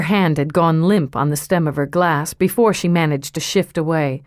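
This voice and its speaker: Woman audiobook narrator, measured and even, lowish voice, dry close sound. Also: no room sound. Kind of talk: scripted narration.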